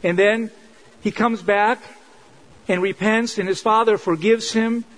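A man's voice: high-pitched, fairly even intonation, measured pace, a bit bright, poor audio. A man preaching a sermon in an earnest, conversational way, driving points home with repetition. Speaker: pastor.

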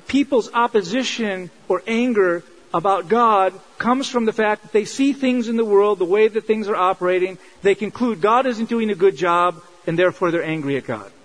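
A man's voice: high-pitched, rough recording. A man preaching a sermon in an earnest, conversational way, driving points home with repetition. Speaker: pastor.

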